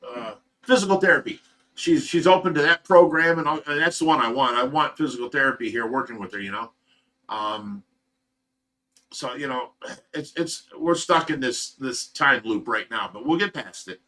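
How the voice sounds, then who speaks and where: A man's voice: medium pitch, normal speed, pushed and bright. A man hosting a livestream, giving an earnest, emotional personal update in a rambling, casual way. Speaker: livestream host of a fish rescue.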